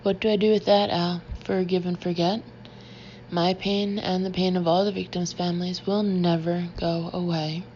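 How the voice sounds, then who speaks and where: A woman voicing a grieving man who speaks calmly and with controlled bitterness in an audiobook. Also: on the low side, normal speed, lo-fi sound, slight background noise, natural voice. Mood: bitter. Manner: calm, controlled.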